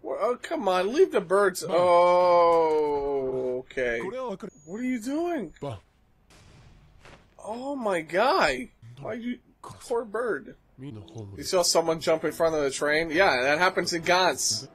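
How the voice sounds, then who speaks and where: A man's voice: high-pitched, lively intonation, slow pace. A man hosting an anime reaction, talking casually with frequent gasps, exclamations and slangy asides.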